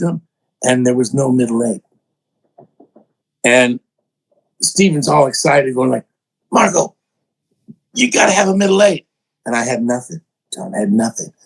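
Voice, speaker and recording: An older man, a songwriter and producer, telling animated stories in an interview, acting out other people's voices and poking fun at himself. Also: mid-range voice, rough recording. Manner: excitable, acts out voices in quotes, self-mocking.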